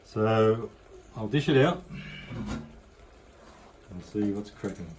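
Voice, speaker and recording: A man's voice: fairly low pitch, animated, slow pace, heavy background noise. A middle-aged man with an Australian accent chatting casually through a home-kitchen cooking demonstration, rambling and easygoing. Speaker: cooking vlogger.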